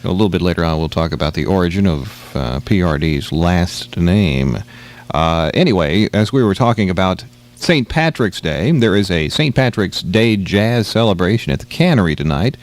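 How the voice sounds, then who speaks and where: A man co-hosting a midday radio show with a somewhat low voice and an animated pitch. He reads weather and announcements in casual, easygoing patter, with the odd filler. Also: moderate pace. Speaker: radio co-host.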